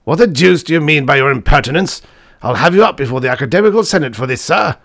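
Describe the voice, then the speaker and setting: A man's voice: on the high side, animated, fast talker, vocal fry, fairly bright tone, voice pushed up, exaggerated voice. A man voicing a peppery, easily offended old male professor who barks indignantly. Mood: outraged. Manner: indignant, barking.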